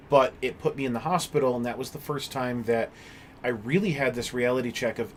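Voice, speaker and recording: A man hosting a home livestream, chatting casually with his viewers in a loose, rambling way with many pauses, and speaking openly about personal struggles. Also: mid-range voice, a little hiss or hum. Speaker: livestream host. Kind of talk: casual chat with stream viewers.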